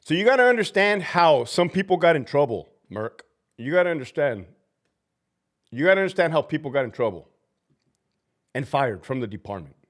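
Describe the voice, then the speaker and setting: A man with a fairly high voice that swings up and down a lot, talking about his old prison job on a live stream. He is blunt and swears constantly. His storytelling is animated. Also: a little fast, long pauses. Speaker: livestream host, former prison officer. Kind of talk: casual livestream chat.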